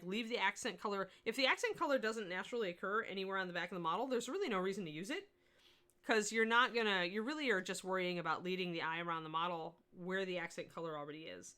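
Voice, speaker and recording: Bright-voiced woman teaching miniature painting. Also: medium pitch. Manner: chatty, answers viewer chat while painting. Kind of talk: casual livestream painting lesson.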